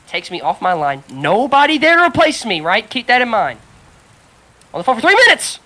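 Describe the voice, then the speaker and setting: Bright-voiced woman ranting a work story. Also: mid-range voice, brisk, rough recording. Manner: animated storyteller, heavy swearing, acts out quotes. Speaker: podcast co-host. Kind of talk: casual chat.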